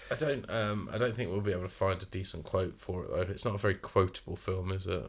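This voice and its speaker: A man co-hosts a casual film podcast, cracking dry jokes with a casual curse here and there. His voice is low and gravelly, with plenty of fry at the ends of phrases. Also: steady tone, quick pace. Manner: dry, joking, swears casually. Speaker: podcast co-host.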